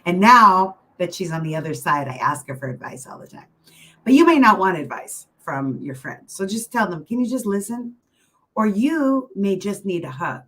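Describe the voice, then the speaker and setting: Low-voiced woman giving a chatty motivational talk. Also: big pitch swings, normal speed, sharp tone, rough recording. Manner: chatty and encouraging, with many asides and filler phrases. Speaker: keynote mindset speaker. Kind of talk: casual motivational talk to an online audience.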